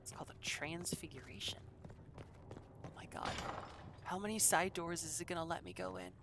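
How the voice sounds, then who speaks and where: A woman's voice: lowish voice, moderate pace, noisy background. A woman streaming a video game, chatting casually and joking to herself as she plays. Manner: chatty and joking, with asides and laughs. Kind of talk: casual gameplay commentary.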